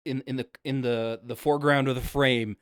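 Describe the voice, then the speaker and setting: A man with a smooth, resonant voice co-hosts a casual movie podcast. He recaps scenes haltingly, restarting words as he goes. The sound is close and dry. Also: mid-range voice, steady tone, fairly bright tone, no echo. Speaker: podcast co-host. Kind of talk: casual movie review chat.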